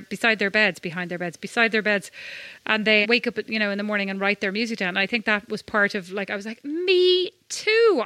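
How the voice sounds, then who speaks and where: A woman's voice: mid-range voice, bright, forceful tone, no room sound. A woman from Ireland co-hosting a podcast, telling chatty, self-mocking stories in casual conversation. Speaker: podcast co-host. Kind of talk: casual chat.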